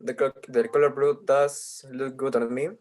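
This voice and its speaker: A man's voice: mid-range voice, flat delivery, normal speed, a little mellow. Guy presenting in class, mid voice, keeps saying uh. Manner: hesitant, frequent filler sounds. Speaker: student presenter.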